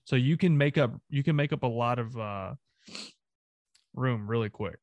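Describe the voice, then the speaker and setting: A man's voice: mid-range voice, normal speed, a little mellow, no echo, muffled recording. Ranting Southern man, sports talk. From American South. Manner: ranting, emphatic, profane. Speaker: sports podcast co-host. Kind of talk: casual sports chat.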